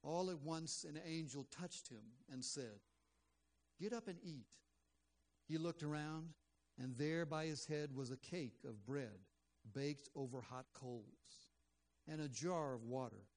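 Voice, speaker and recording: A man's voice: fairly high pitch, slow pace, darkish tone. A man preaching a sermon in an earnest, conversational way, with frequent fillers. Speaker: pastor.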